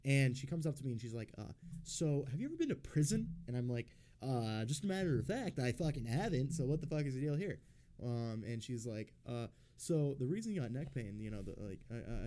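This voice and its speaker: A man's voice: medium pitch, lively intonation, fairly quick, dark tone. A young man hosting a casual podcast, telling a long story loosely, with lots of swearing, fillers and restarts. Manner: rambling, profane storytelling with many fillers. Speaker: podcast host. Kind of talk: casual chat.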